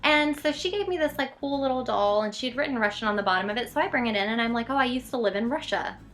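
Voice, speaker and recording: A young woman telling embarrassing childhood stories in a casual, animated, self-mocking vlog. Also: on the high side, quick pace, soft background music. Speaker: vlogger.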